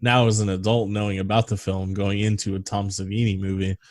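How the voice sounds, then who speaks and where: Low-voiced man in loose movie chat. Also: flat delivery, brisk, a crowd in the background. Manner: rambling, swears freely, reads trivia aloud. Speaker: podcast co-host. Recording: dry close sound over a video call.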